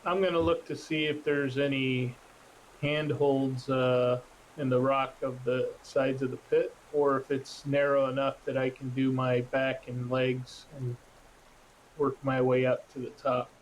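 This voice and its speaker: A man playing a tabletop game, calmly describing what his character does. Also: medium pitch, unhurried, slight background noise, poor audio. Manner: calm, describes his actions in detail. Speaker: player. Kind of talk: casual tabletop play.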